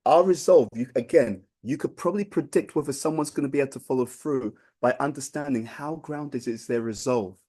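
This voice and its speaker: A man's voice: mid-range voice, fairly quick, hardly any pauses, warm tone, husky. A man giving an informal spiritual talk, speaking conversationally, often restarting phrases and checking in with "right?".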